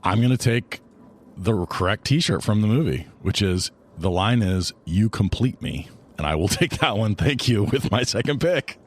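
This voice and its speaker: Lively, teasing man in casual chat. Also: fairly low pitch, normal speed. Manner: animated, laughing, teasing. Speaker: podcast co-host.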